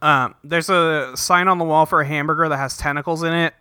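A man with a very bright, fairly high voice recaps a cartoon episode in casual chat. He swears freely and jumps into quick character voices. The sound is close and dry. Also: fairly even intonation, clean tone, dry recording. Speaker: podcast host recapping a cartoon.

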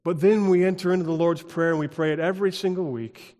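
An American man preaching a sermon as pastor, speaking emphatically and building to loud exclamations. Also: a little high, steady tone, fast talker. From United States. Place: church sanctuary. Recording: long reverb of a church hall.

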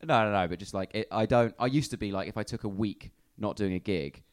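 A young man from England, a comedian guest on a live podcast, chatting in a wry, self-deprecating way and often trailing off into quiet asides. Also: fairly low pitch, brisk. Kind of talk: casual live podcast chat. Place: live venue in front of an audience.

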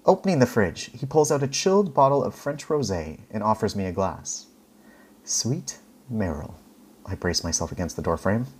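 Husky, lively man reading his story. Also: fairly low pitch. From Canada. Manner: expressive, wry, dramatic pauses. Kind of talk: first-person story reading.

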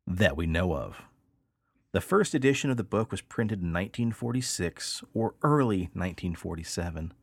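Brief: low-pitched male podcast host, animated storyteller, dry sound. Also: dry recording. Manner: animated storyteller, rises in pitch on key points. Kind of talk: casual podcast chat.

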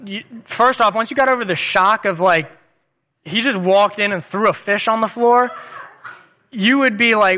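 A man's voice: sits high, moderate pace, sharp tone. A man in his thirties preaching a sermon in an earnest, conversational way and telling personal stories. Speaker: pastor.

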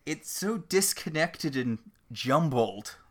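A woman's voice: sits low, lively intonation, slow pace. Dry-humored woman recapping a show. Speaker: podcast co-host. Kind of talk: casual recap chat.

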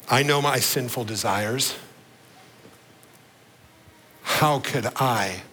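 Pastor, male, bright ringing voice, earnest sermon delivery that sinks low and slow for emphasis. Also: a little hiss or hum, poor audio. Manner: earnest, slows and drops low on key words.

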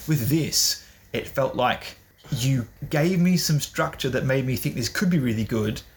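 A man's voice: mid-range voice, a little slow, slight background noise. A man co-hosting a podcast, chatting casually and bluntly about a book, with jokes and swearing. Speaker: podcast co-host. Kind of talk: casual chat.

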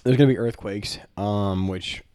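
A man's voice: fairly low pitch, normal speed, mellow, clear, resonant tone, dry recording. A young man co-hosting a casual podcast, talking in a laid-back, rambling way with fillers. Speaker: podcast co-host.

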